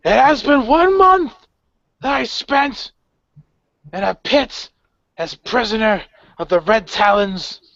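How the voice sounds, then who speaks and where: A man's voice: on the high side, gravelly, fairly bright tone, no echo, full character voice. Man playing Red Claw, a proud gaunt she-wolf. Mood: defiant. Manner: slow, proud declaiming. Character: gaunt defiant female werewolf warrior. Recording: dry, muffled lo-fi audio.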